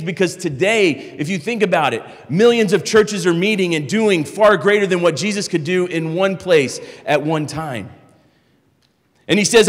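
Man preacher, casual explaining sermon style, fairly high voice, long reverb of a church hall. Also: normal speed. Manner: conversational, explaining scripture with repeated restarts. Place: church sanctuary.

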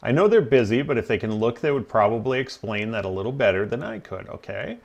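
A man with a fast, sing-song, creaky mid-range voice and a darkish tone hosts a game livestream. He chats casually and rambles, peppering his talk with ums and laughing at his own stories.

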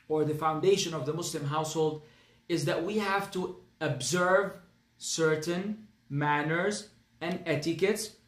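Earnest high-voiced man with an Arabic accent. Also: reverberant. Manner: earnest, emphatic, repeats phrases, mixes in Arabic. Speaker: Islamic teacher. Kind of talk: religious class lecture.

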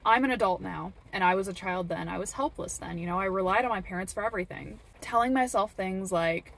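A woman's voice: medium pitch, fairly quick, vocal fry, hardly any pauses, fairly bright tone. A woman vlogging in an earnest, heartfelt way, encouraging her viewers and repeating words for emphasis. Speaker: vlogger, parent. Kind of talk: earnest personal talk to camera. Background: faint rain.

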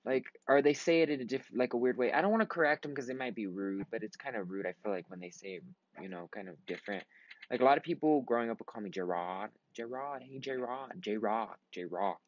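A man's voice: medium pitch, fast, muffled recording. A tired young man in his twenties giving rambling, casual commentary while playing a computer game, swearing often and breaking into sudden outbursts. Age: 20s. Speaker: gaming vlogger.

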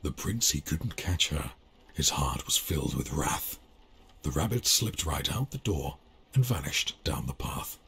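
A grave, ominous storybook narrator in a game, reading very slowly in a deep, low voice. The sound is breathy and whispery, with no clear ring to it. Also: male voice, animated, a bit bright, full character voice.

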